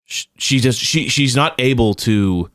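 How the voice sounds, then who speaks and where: A man's voice: medium pitch, unhurried, no echo, studio quality. A man co-hosting a podcast, retelling a reality show episode in casual chat and acting out the quotes. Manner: animated retelling, acts out quotes in shifting voices. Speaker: podcast co-host.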